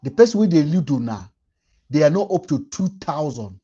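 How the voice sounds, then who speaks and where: A man's voice: fairly high pitch, big pitch swings, moderate pace, dark tone, husky, muffled recording. A young man with a Nigerian Pidgin English accent hosting a livestream rant, emphatic and repeating lines for effect. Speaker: livestream host.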